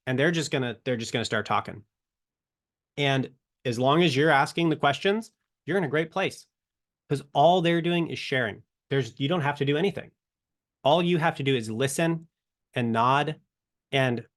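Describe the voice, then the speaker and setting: Brief: male instructor, mid pitch, earnest and conversational, acts out quick example exchanges. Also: a bit bright. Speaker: online course instructor. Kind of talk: casual teaching talk.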